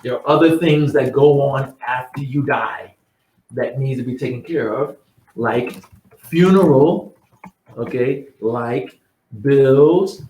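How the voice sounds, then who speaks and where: A man's voice: mid-range voice, slow, darkish tone. A man hosting an insurance advice show, talking casually and bluntly, mocking excuses and repeating himself. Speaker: host giving insurance advice. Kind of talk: casual talk to camera. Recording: roomy sound, mic at a distance.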